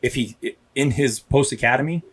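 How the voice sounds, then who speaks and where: A police officer tells his story candidly and emphatically in a casual podcast interview in a studio, frequently checking in with "right?". His voice is mid-range and husky, at a moderate pace.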